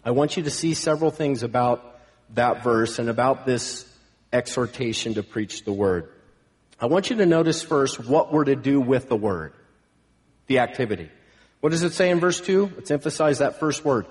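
Preacher in a reverberant hall. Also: male voice, medium pitch, lively intonation, normal speed. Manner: emphatic preaching, swelling to loud proclamations. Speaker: pastor. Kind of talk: sermon.

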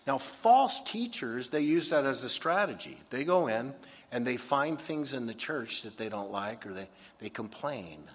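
Animated preaching man in a reverberant hall. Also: mid-range voice, slow, husky. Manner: animated, acts out complaining voices. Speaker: pastor. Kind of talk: sermon.

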